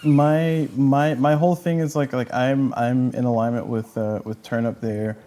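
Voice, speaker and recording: A man hosting a livestream panel, talking in a loose, rambling way. His voice is dark and mellow, with a middling pitch. He keeps correcting himself as he goes. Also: steady tone, moderate pace. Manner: rambling, self-correcting, fillers. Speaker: host. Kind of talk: casual panel chat on a livestream.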